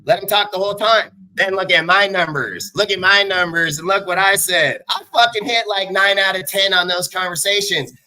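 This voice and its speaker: A man's voice: sits high, bright, forceful tone. A man in his forties hosting a live show, ranting angrily, swearing constantly and talking in blunt, boastful, combative bursts. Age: 40s. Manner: rapid bursts of speech. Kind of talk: profane angry rant on a livestream.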